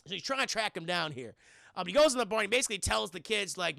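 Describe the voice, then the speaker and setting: A man's voice: high-pitched, sing-song, racing, gravelly, pushed and bright, no room sound, clean studio sound. A man reviewing a film for his stream chat, telling the plot in a loose, profane ramble and calling out to the chat. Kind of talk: casual spoiler recap.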